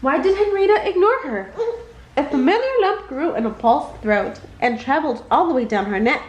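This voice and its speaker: Lively, high-voiced woman reading a bedtime story. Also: moderate pace, roomy sound, highs cut off. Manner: expressive, jumps high for characters' lines. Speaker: storybook reader. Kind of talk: bedtime read-aloud.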